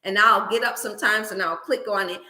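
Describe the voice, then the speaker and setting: A woman hosting a motivational wellness livestream, preaching in an animated, scripture-laced way. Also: medium pitch, fairly quick, roomy sound. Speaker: wellness channel host.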